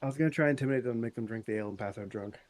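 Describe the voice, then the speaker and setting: A young man playing in a tabletop game, excitable and thinking out loud, swearing freely. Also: mid-range voice, rapid-fire. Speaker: player. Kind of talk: casual game chat.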